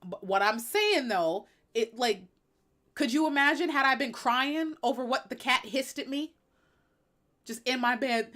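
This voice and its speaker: A woman's voice: high-pitched, animated, a little slow, sharp tone. A woman hosting a live stream, talking bluntly and emphatically in an opinionated, sassy way. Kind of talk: opinionated casual chat.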